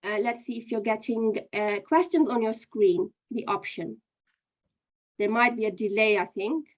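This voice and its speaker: Woman teacher, high voice, patient step by step explaining, online quran class. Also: unhurried. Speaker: Qur'an teacher. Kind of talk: online lesson and quiz.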